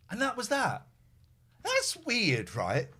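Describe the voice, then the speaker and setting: A man's voice: high voice, extremely slow, breathy edge. A male podcast host telling rambling anecdotes in casual chat, acting out both sides of quoted conversations and often correcting himself mid-sentence. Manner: animated, acts out quoted dialogue in other voices; rambling with restarts and self-corrections.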